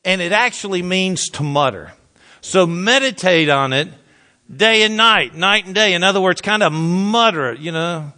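A man's voice: high voice, expressive, normal speed. A man preaching a sermon in a conversational way, repeating phrases and speaking straight to his listeners. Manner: mutters scripture quietly. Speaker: pastor.

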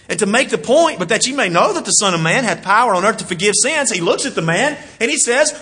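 A man preaching a sermon. He swings from loud exclamations to quiet asides, chuckles as he goes, and keeps asking his listeners questions. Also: extremely high pitch, very animated, a little fast, hardly any pauses, breathy edge.

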